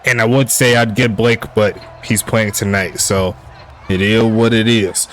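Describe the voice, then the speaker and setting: A man calling a simulated football game play by play in a relaxed streaming style, joking with chat and rising on big plays. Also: fairly low pitch, a little slow, slight background noise. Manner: laid-back, laughs at jokey player names, excitable on big plays. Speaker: play-by-play commentator. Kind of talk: casual sim football commentary.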